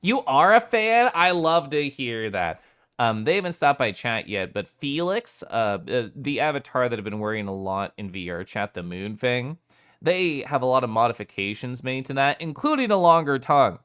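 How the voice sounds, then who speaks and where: A man's voice: mid-range voice, animated, moderate pace, fairly bright tone, clean tone. A young man streaming live, chatting casually with his chat, reading names aloud and laughing often.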